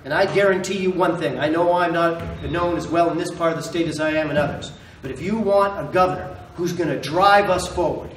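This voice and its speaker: A man's voice: on the high side, brisk, hardly any pauses, echoey room, far from the mic, a little hiss or hum, poor audio. A man running for governor, giving an impassioned campaign speech to a committee and repeating lines for emphasis. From Maine. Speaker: political candidate.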